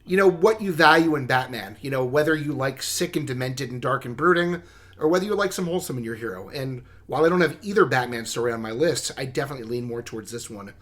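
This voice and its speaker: A man's voice: medium pitch, lively intonation, fast talker, a bit bright. A man co-hosting a podcast, chatting casually and thoughtfully about comic stories. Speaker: podcast co-host. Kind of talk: casual chat.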